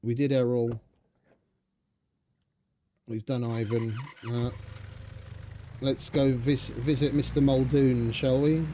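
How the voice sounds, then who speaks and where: A man's voice: medium pitch, level tone, slow, long pauses, mellow, a little hiss or hum. A young man giving rambling, sarcastic, swearing commentary over his gameplay. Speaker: gaming channel host.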